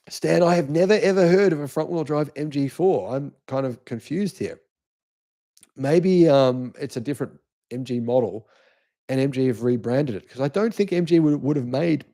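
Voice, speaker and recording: A middle-aged man with an Australian accent hosts a live-stream and talks through viewers' comments. His voice is dark and mellow. He presses his points insistently and keeps restarting his sentences. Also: mid-range voice. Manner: emphatic, insistent, restarts often. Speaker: channel host.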